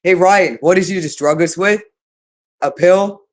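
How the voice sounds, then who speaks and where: A woman's voice: on the low side, a little slow. A woman hosting her own channel, ranting unscripted to camera in an agitated, repetitive way with heavy swearing. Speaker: channel host.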